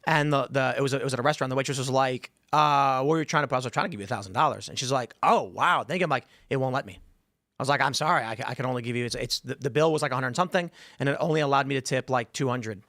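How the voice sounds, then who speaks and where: A man's voice: medium pitch, rapid-fire, fairly bright tone, no echo. A male show host chatting in a studio, a rambling storyteller who acts out the voices of people in his stories. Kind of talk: casual studio chat.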